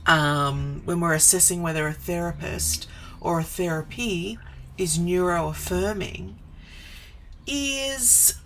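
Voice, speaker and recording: Slow-talking woman in her forties, livestream chat. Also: mid-range voice, fairly bright tone, slight background noise, rough recording. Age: 40s. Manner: chatty, greets viewers by name, wanders off topic. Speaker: live stream host. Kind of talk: casual live stream chat. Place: home office.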